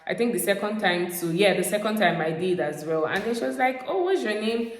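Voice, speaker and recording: A woman's voice: lowish voice, a little fast, echoey room, poor audio. A young woman from Nigeria telling a story in a casual, chatty vlog, often saying "like" and "guys". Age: young adult. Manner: chatty, animated, repeats fillers like "like" and "guys". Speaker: vlogger.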